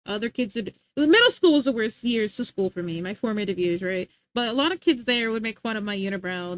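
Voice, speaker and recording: A woman's voice: mid-range voice, fairly bright tone. A young woman streaming live, chatting casually with her viewers, giggling and rambling as she reads the chat.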